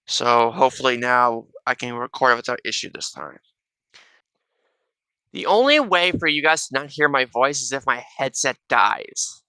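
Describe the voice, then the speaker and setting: A man's voice: mid-range voice, animated, moderate pace, pushed and bright, clean tone, dry recording. A man hosting a casual reaction video on a wireless headset, rambling along with constant restarts and a tacked-on "though" in nearly every sentence. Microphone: wireless gaming headset.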